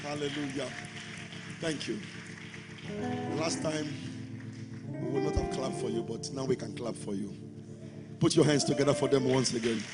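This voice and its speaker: A man's voice: medium pitch, normal speed, pauses often. A man preaching a sermon as pastor, leading the congregation in call-and-response. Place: large church hall. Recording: long hall reverb with music.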